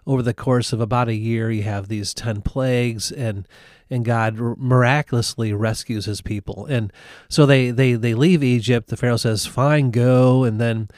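A man's voice: mid-range voice, steady tone, normal speed, few pauses, darkish tone, no room sound, clean studio sound. Man retelling Bible stories conversationally. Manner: storytelling with acted-out quotes, frequent fillers. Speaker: Bible teacher.

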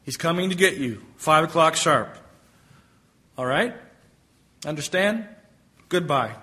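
A man's voice: fairly high pitch, expressive, slow, bright, forceful tone, heavily acted. Man doing a crusty grumbling old caterpillar. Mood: brash. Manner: grumbling, impatient.

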